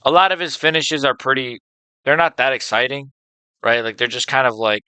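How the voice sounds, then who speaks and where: An MMA video host rambles through casual fight picks in an unscripted monologue, swearing freely and filling gaps with um and like as he shares enthusiastic fan opinions. His mid-range voice is fairly even in intonation, fairly quick, and pushed and bright. The tone is clean, with no room sound.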